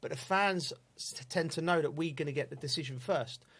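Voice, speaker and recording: A man's voice: fairly high pitch, brisk, a bit bright. A man with a slightly raised voice tells football stories in casual banter. He chats freely and laughs often. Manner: chatty storytelling, laughs often. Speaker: football pundit.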